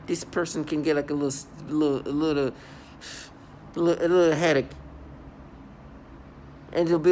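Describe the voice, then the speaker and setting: A man's voice: on the high side, steady tone, a little fast, pauses often, a little mellow, slight background noise. A man in an angry personal monologue to camera at home, defiant and scornful, often repeating and restarting his words. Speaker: vlogger. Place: at home indoors.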